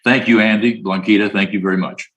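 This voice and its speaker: A man's voice: on the low side, steady tone, a bit bright, muffled recording. Folksy man giving an award speech. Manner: folksy, plays both sides of an imagined dialogue; reads the hotline number slowly and deliberately. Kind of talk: conference speech.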